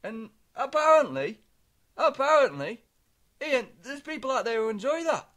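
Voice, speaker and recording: A man on a comedy podcast, rambling through deadpan anecdotes with stammered restarts. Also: very high voice, moderate pace. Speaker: podcast co-host. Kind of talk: comic storytelling chat.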